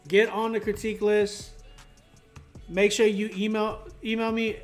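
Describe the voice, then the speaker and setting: Young male producer, higher-pitched voice, relaxed rambling critique with faint music behind. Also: measured pace. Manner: laid-back, rambling, many fillers. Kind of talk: casual live critique.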